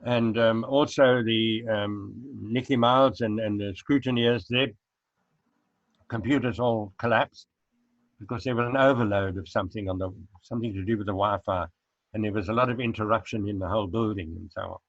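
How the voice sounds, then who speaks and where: A man's voice: on the low side, steady tone, no echo. A man, a former dancer, answering interview questions casually and searching for his words over a video call. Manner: halting, searching for words, chuckling. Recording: dry, dull lo-fi call audio.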